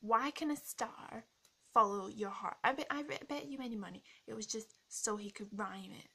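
A woman's voice: fairly high pitch, normal speed, creaky, sharp tone, breathy edge, heavily acted. A woman playing a snarky, rude young woman character, ranting sarcastically in a comic role-play vlog. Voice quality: blunt, sarcastic, swears freely.

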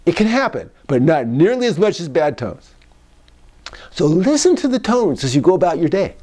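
A man's voice: a little high, sing-song, moderate pace, warm tone. A man speaking as a psychologist in a casual advice monologue. He repeats key phrases and acts out tones of voice as he goes.

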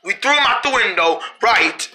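Bright, animated storyteller, giggly. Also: mid-range voice, a little hiss or hum, rough recording. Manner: giggly and shouty, quick back-and-forth between voices. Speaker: storyteller voicing several characters. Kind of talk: playful toy-style role-play.

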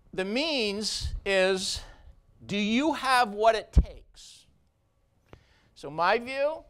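Emphatic surgeon giving a keynote. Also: male voice, sits high, fairly bright tone. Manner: emphatic and blunt, punchy repeated phrases. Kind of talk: conference keynote speech.

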